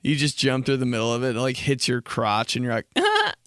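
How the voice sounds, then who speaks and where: Rambling, swearing young podcast host. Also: male voice, medium pitch, flat delivery, quick pace, a bit bright, clear, resonant tone, no room sound, clean studio sound. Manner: rambling, slangy, heavy swearing. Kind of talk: casual comedic monologue.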